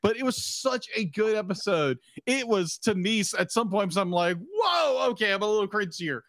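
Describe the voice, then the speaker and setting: A man's voice: sits high, brisk, a bit bright, dry recording, studio quality. A man co-hosting a casual podcast chat, rambling, stumbling over his words and laughing often. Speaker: podcast co-host.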